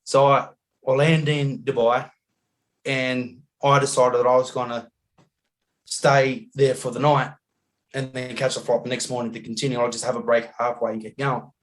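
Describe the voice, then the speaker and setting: An Australian man telling a travel story as a podcast guest over a video call, animated and laughing often, acting out the people he met. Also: mid-range voice, normal speed. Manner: animated yarn-spinning, acts out voices, laughs often.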